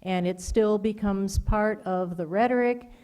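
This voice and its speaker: Older woman, lecture Q&A, thoughtful, measured, pausing. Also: medium pitch, a little mellow, slight background noise. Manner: measured, thoughtful, with frequent "uh" fillers. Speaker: guest speaker answering questions. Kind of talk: lecture Q&A answers.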